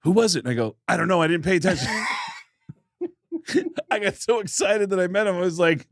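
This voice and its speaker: High-voiced laughing male comedian. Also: very animated, moderate pace, dry recording, clean studio sound. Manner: storytelling, acting out quotes, laughing. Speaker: comedian podcast co-host. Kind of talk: casual comedic chat.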